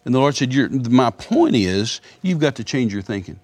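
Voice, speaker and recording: A man's voice: medium pitch, very animated, normal speed, darkish tone. A man in his sixties, a guest minister in a broadcast interview, telling stories in a folksy way and often repeating words.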